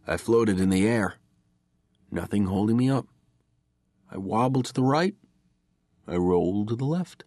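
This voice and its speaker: A man reading a first-person horror story as an audiobook narrator, measured and dramatic. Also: fairly low pitch, expressive, a little mellow, no echo, clean studio sound.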